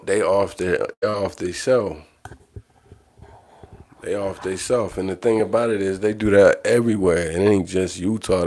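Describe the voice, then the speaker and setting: Deep-voiced man ranting bluntly. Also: a little mellow. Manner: blunt, profane, repeats phrases for emphasis. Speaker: livestream host. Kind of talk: casual livestream monologue.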